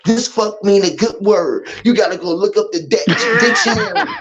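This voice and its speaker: A man with a high, lively voice hosting a casual stream, swearing freely and breaking into laughter as he tells stories. The audio is dull and lo-fi. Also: normal speed, music in the background. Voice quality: animated, profane, laughing often. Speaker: livestream host. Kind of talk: casual chat, storytelling.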